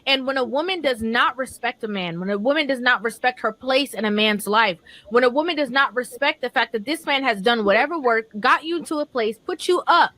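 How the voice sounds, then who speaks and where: This is a woman with a high, bright voice making an emphatic, lecturing point. The recording is dry and close, with no room sound around her. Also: no room sound. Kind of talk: opinionated commentary.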